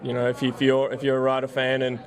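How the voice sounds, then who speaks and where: A young man from Australia with an Australian accent, a football punter being interviewed, who talks haltingly with many fillers. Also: medium pitch, monotone. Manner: halting, lots of fillers and restarts.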